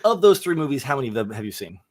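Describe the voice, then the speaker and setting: Rambling, excited young man. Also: mid-range voice, very fast. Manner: enthusiastic, rambling, lots of fillers. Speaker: podcast host. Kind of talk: casual movie review chat.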